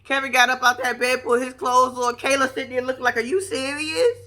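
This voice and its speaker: A woman giving brash, profane, animated commentary on a reality show. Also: high-pitched, fast. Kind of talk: casual reaction commentary.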